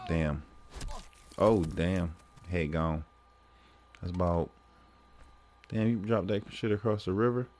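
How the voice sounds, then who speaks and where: A man streaming games, telling stories in a profane, animated way and laughing often between lines. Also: low voice, slow pace, pauses often. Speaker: gaming livestreamer. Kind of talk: casual livestream commentary.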